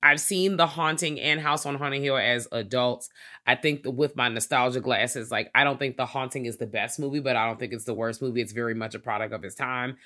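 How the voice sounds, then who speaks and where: Low-voiced woman in casual podcast chat. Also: brisk. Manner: animated storytelling, acts out relatives with high squeals, swears freely. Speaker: podcast co-host.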